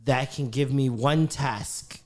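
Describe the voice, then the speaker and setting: A man's voice: mid-range voice, slow pace. A man co-hosting a casual podcast, swearing freely and acting out scenes as he talks. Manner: animated, swears freely, acts out scenes with laughter. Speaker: podcast co-host. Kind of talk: casual chat.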